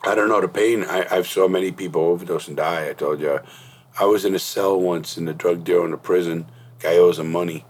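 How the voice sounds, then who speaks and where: A man's voice: sits low, fairly even intonation, brisk, breathy edge. A middle-aged man hosting a podcast, telling blunt, profane stories in casual interview chat. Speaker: podcast host.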